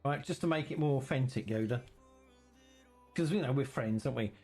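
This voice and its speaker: A man's voice: medium pitch, fairly quick, over loud music. A man chatting casually and teasingly with viewers while streaming a farming game.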